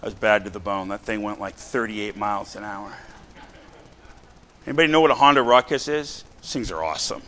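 A middle-aged man preaching a sermon to his congregation, chatty and animated, full of rhetorical questions and asides. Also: fairly low pitch, a little fast. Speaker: pastor. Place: church sanctuary.

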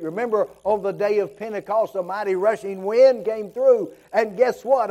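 A man's voice: high-pitched, mellow. A male pastor preaching a sermon to his church, full of rhetorical questions and rising passion.

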